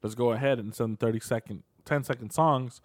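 A man in a loose podcast chat, throwing in jokes and teasing remarks. His voice sits at a middling pitch, relaxed and quick with a comeback. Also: no echo, clean studio sound. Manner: joking, teasing banter. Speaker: podcast co-host. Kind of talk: casual chat.

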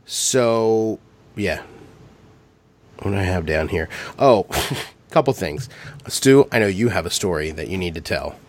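A man with a fairly low voice hosts a loose podcast chat. He tells crude stories, swears freely and laughs as he goes. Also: expressive, unhurried, darkish tone. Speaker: podcast host. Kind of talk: casual chat.

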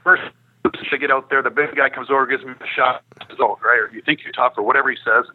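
A middle-aged man telling a lively hockey story on a podcast, laughing and acting out what people said. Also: mid-range voice, fast talker, breathy edge, phone-quality sound. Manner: animated, laughing, acting out quotes. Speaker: guest storyteller, former hockey player.

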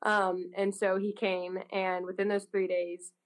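A woman's voice: mid-range voice, unhurried, distant mic. Young woman telling stories animatedly. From California. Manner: animated storyteller who acts out quotes. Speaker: guest. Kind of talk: casual chat.

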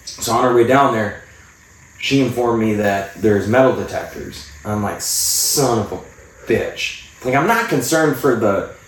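A man's voice: mid-range voice, expressive, moderate pace. A man telling blunt, profane stories as a podcast co-host in casual chat. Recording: echoey room, distant mic.

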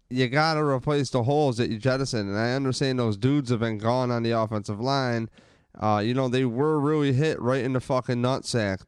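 A man rants about his team in loose, profane bursts. His voice is smooth and clean, recorded close and dry with no room sound. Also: medium pitch, a little mellow, no room sound. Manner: ranting, profane, fast and rambling. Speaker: podcast co-host. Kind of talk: casual sports chat.

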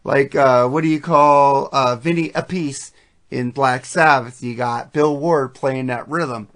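A man's voice: mid-range voice, fairly even intonation, a little slow, fairly bright tone. A man hosting a podcast, talking about songs in a casual, profane and enthusiastic way that rambles. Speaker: podcast host. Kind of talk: casual music chat.

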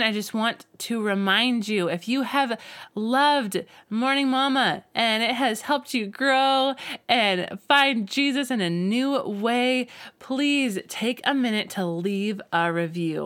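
A young woman hosting a faith podcast, chatting in a gushing, enthusiastic way into a close mic. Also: on the high side. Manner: gushing, enthusiastic, warm-hearted. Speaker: podcast host.

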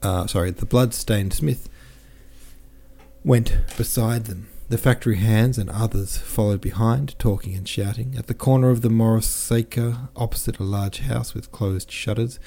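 A man reading a classic novel aloud as a podcast narrator, measured and careful, now and then correcting himself. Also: on the low side, steady tone, gravelly, dark tone. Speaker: audiobook narrator.

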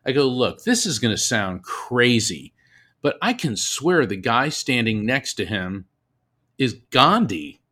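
A man with a bright, forceful voice speaks as a guest in an interview. He tells his stories in an animated way, stumbling over and repeating words as he goes. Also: medium pitch, a little slow. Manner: animated storyteller, repeats words, laughs often. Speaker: medium, guest. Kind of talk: storytelling in an interview.

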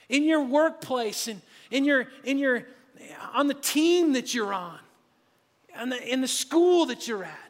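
A man with a strikingly high voice preaches to his congregation. He talks in a lively, conversational manner. His voice rings out in a church sanctuary with a long, lingering reverb. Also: measured pace. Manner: energetic, conversational preaching, drops to a hushed voice near the end. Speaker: pastor. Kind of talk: sermon. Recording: long reverb of a large hall.

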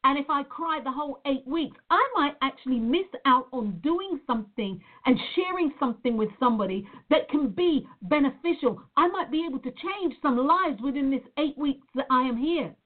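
Speaking as a life coach, a woman with a fairly high voice delivers an earnest motivational talk full of emphatic repetition. Her intonation is lively, her pace normal, and she barely pauses. The audio sounds thin and tinny, like a phone line.

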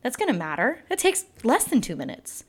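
Woman co-host, casual book chat, animated and emphatic, lively jumps in pitch. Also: slightly rough. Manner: animated, emphatic, quick laughs.

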